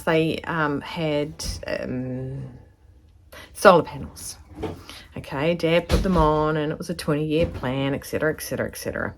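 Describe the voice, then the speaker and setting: A woman with a deep voice and a New Zealand accent gives a sewing tutorial to camera from her home studio. She speaks unhurriedly and chattily, rambling and fond of asides, with a little hiss or hum in the recording.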